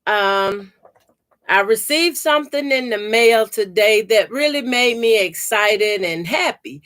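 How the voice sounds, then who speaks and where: A woman's voice: medium pitch, animated, slow, fairly bright tone. A woman hosting a quilting channel, chatting casually on a home livestream, greeting viewers by name and showing her work to the camera. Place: home room by a door.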